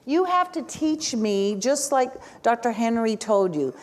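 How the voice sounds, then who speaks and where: Animated woman lecturing teachers. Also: on the high side, measured pace. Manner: animated, asks the audience questions, frequent "right?"; speaks as the learner in first person. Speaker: lecturer on spelling instruction. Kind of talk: workshop lecture.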